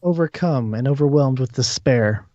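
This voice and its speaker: A man running a tabletop game as game master, narrating scenes and pausing when ruling on questions. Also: mid-range voice, darkish tone, dry recording. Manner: descriptive, hesitant when ruling. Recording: dull dry audio.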